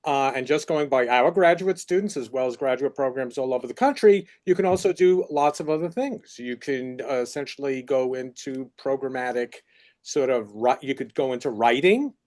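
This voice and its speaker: A man's voice: mid-range voice, normal speed, darkish tone. A man with a New York accent, a faculty researcher explaining career paths in a chatty, filler-heavy way on a university panel. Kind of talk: panel discussion.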